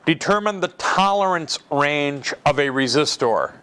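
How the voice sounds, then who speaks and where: A man's voice: on the high side, lively intonation, unhurried, bright, forceful tone, clear, resonant tone. A male instructor teaching a classroom of students in an easygoing, conversational way. He repeats his key words for emphasis and throws questions out to the room before answering them himself. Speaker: college electronics lecturer. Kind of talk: classroom lecture.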